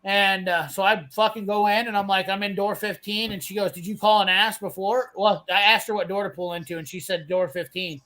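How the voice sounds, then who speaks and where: A man's voice: high-pitched, fairly even intonation, a little fast, hardly any pauses, bright, forceful tone, low-quality recording. A man, ranting profanely and bluntly as he tells a work story in casual chat. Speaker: host telling a work story.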